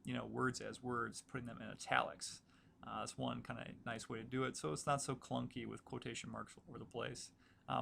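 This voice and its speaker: A man teaching a recorded writing lecture, explaining in a casual, relaxed way with many fillers as he works through examples at his computer. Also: mid-range voice, creaky, slight background noise. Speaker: writing instructor.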